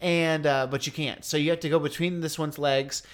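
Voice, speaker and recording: A man chatting casually on a podcast, retelling an experience in an animated, slangy way and acting out the lines people said. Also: fairly high pitch, normal speed, smooth. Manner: slangy, laid-back. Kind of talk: casual chat.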